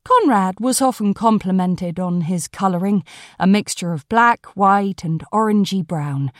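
A woman reading a story aloud in measured scripted narration. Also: medium pitch, dry recording, studio quality. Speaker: audiobook narrator.

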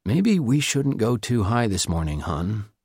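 A man's voice: on the low side, sing-song, measured pace, a little mellow, breathy edge, no room sound, clean studio sound, heavily acted. A man voicing an elderly American financier from California who talks amicably and cautiously. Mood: amicable.

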